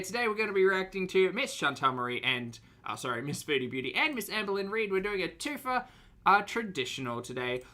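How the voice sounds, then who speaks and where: A man's voice: sits high, pushed and bright. A man hosting a casual live stream, chatty and upbeat, greeting viewers by name and laughing often. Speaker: livestream reaction host. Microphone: headphones on, streaming setup.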